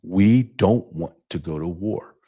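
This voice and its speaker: In an angry, profane, impassioned monologue full of rhetorical questions, a middle-aged man hosting a podcast takes it slowly. His voice sits low, with a warm, slightly rough tone.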